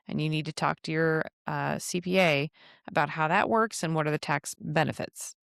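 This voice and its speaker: A woman's voice that sits low and has a clean tone carries this solo podcast, where the host, a travel advisor, shares casual business advice. She chats along with frequent laughs and playful asides, in a dry, studio-quality recording.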